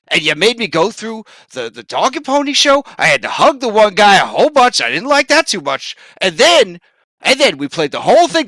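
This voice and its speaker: A man voicing a frazzled male game-show host who rants in exasperation, shouting high and loud. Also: smooth, no echo, heavily acted.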